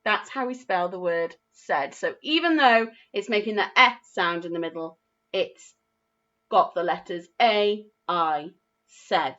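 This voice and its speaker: A woman with an English accent teaching a phonics lesson to young children, spelling words out slowly and praising their efforts. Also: on the low side, expressive, bright, forceful tone, highs cut off. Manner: slow, clearly spelled-out words with encouraging praise. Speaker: primary school teacher.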